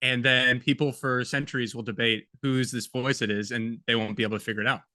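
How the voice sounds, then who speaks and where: A man's voice: mid-range voice, steady tone, a little fast, pushed and bright, dry recording. A man co-hosting a film podcast, chatting casually and jokily and reading passages aloud. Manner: chatty, jokey, reads quotes aloud. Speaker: podcast co-host. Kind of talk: casual film-review chat.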